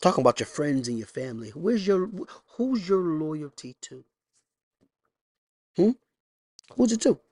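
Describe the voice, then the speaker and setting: A man's voice: a little high, lively intonation, measured pace, long pauses, a little mellow, breathy edge, dry recording. A male pastor preaching a sermon emphatically, with folksy asides and rhetorical questions.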